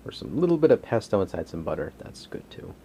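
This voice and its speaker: A man's voice: lowish voice, big pitch swings, fast, warm tone, a little hiss or hum. A man hosting a casual home cooking vlog from his kitchen, rambling and joking as he cooks and chats to his dog.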